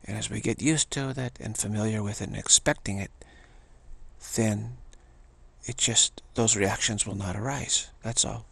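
Older male spiritual teacher, husky and raspy, low-pitched, halting delivery full of restarts. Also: steady tone, fairly bright tone, dry recording. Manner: halting, with many restarts and pauses. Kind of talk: meditative teaching talk.

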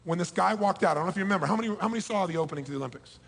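A man delivers a motivational seminar speech, his voice sitting high for a man. He is emphatic, driving some points loud and dropping others to a hush. His voice rings with the long reverb of a large hall. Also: rapid-fire, vocal fry, slightly rough. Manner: emphatic, swings between loud bursts and hushed lows. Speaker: motivational speaker. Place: large hall before a live audience.

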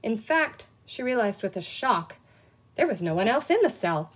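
A woman's voice: a little high, moderate pace, husky. A woman reading a children's book aloud, telling it expressively. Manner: expressive storytelling. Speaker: reader.

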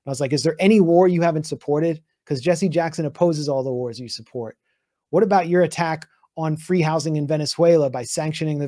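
A man, a guest journalist, telling a heated political story in an animated way with restarts. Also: a little high, dry recording, clean studio sound. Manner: heated, fast recounting with restarts.

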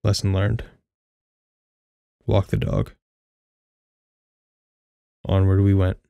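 A young man reads a first-person story with a wry, candid edge and the odd curse. His voice sits low and stays fairly flat, smooth and clear. The sound is dry and close, with no room to it. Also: drawn-out words, no echo, dull audio. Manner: candid, wry, casually profane. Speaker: audiobook narrator.

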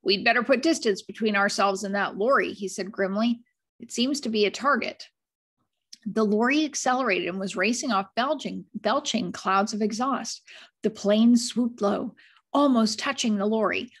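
A woman's voice: fairly high pitch, breathy edge. A middle-aged woman reading a chapter book aloud to children, stopping now and then to chat with them and explain things. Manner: chatty, breaks off to explain and show pictures. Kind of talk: read-aloud storytelling with asides to listeners.

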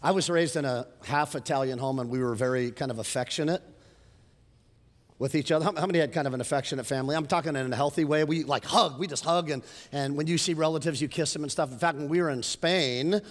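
A middle-aged man preaching a sermon as pastor, telling stories in an animated way and rising to emphatic points. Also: on the high side, quick pace. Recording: long hall reverb.

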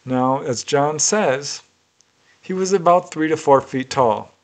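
A man narrating a case in a measured, deliberate way, as a storytelling researcher. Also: fairly high pitch.

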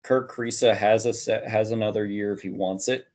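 Low-voiced man rambling on a podcast. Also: fairly even intonation, normal speed, darkish tone. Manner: rambling, hedging with many fillers. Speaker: podcast host. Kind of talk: casual sports podcast chat.

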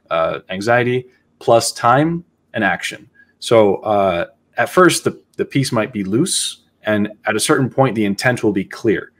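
A man hosting a casual podcast, talking in a reflective, halting way as he thinks aloud. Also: lowish voice. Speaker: podcast host.

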